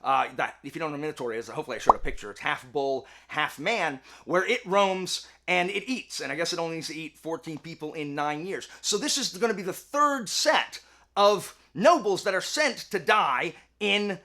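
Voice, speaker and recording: A man's voice: on the high side, animated, moderate pace, sharp tone. A man retelling a myth in a chatty, jokey way, with lots of fillers. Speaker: host and storyteller.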